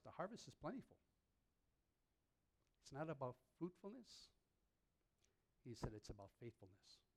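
A man preaching a sermon to a congregation in a church hall, lively and joking, his pitch leaping up on punchlines. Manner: animated, jokes with the congregation, pitch leaps up on punchlines.

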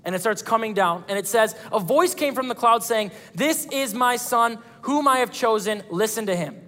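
A man preaching a sermon as pastor of a church, animated, acting out quoted voices. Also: high-pitched, normal speed, in a large hall.

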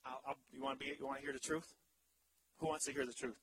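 A male pastor in his thirties preaching a sermon in an animated, humorous way, swinging from loud to hushed. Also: mid-range voice, quick pace, background noise.

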